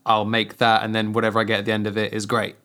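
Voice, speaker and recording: A man in a casual comedic podcast chat, thinking out loud as he talks. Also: on the low side, monotone, rapid-fire.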